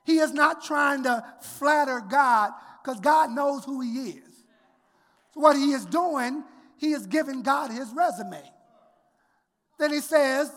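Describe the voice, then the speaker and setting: A woman's voice: high-pitched, animated, measured pace, big-room sound. A woman preacher giving an emphatic sermon, urging the congregation to answer back. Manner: emphatic, exhorting the congregation, call-and-response.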